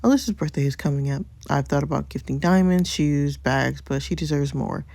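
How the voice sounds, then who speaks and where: A woman's voice: sits low, fairly quick, vocal fry, dark tone, no echo. A woman voicing a scheming, protective young married man while reading a story game aloud, with little change to her own voice. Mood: earnest.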